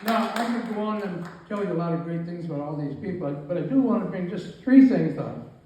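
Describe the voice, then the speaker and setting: A man's voice: high voice, animated, fast. Very old man joking through an echoey party speech. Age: 90s. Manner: joking, rambling, self-deprecating. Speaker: birthday speaker. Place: party room with guests. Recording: far-off mic in an echoey room with faint ambient noise.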